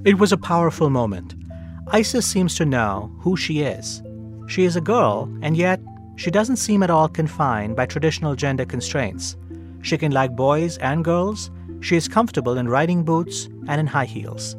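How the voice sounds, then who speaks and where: A man hosting a radio program, narrating in a measured storytelling manner and asking gentle, probing questions. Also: a little high, animated, over music. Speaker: host and interviewer. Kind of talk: scripted radio narration and interviewing.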